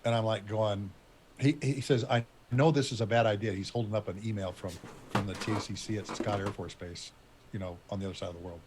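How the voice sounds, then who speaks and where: A man in middle age tells a war story at an easy, conversational pace. His voice sits a little low. He wanders through the details and stops now and then to search for names. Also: steady tone, noisy background. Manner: rambling, conversational, pauses to recall names. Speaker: retired Air Force officer telling a war story. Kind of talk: casual storytelling.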